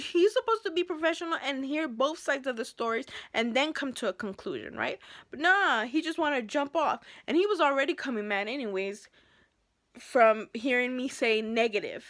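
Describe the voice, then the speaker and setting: A woman telling an unscripted story of a clash at work straight to camera. She talks heated and animated, addressing her viewers like a close friend. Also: high-pitched, normal speed, dry recording. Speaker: school bus driver.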